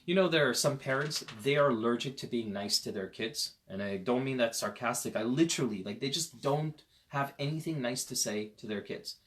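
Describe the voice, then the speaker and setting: Animated male Islamic teacher, mid pitch. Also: fairly quick, hardly any pauses. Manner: animated storyteller, swings between loud emphasis and quiet asides; conversational, addresses parents directly. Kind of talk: parenting lecture on a Quran verse.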